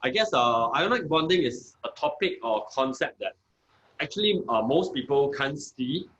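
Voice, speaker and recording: A man who is a chemistry teacher, explaining in a measured way with frequent fillers. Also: medium pitch, lively intonation, a bit bright, muffled recording. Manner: measured, many "uh" and "okay" fillers. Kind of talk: conversational explanation.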